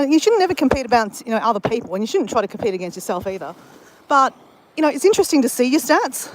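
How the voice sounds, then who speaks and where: The audio is poor as an Australian vlogger, her voice a little high, talks casually to live viewers mid-exercise. She wanders through her thoughts with many fillers and restarts.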